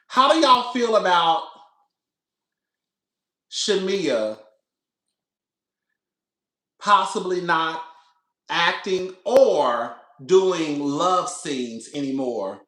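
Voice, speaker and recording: A man hosting a casual reality TV recap, animated and laughing often, calling his listeners "girl". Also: a little high. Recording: echoey room.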